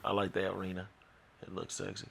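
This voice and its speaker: A man's voice: low-pitched, monotone, a little fast, creaky, slight background noise. A man co-hosting a casual sports podcast, laid-back and joking as he talks with friends. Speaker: podcast co-host.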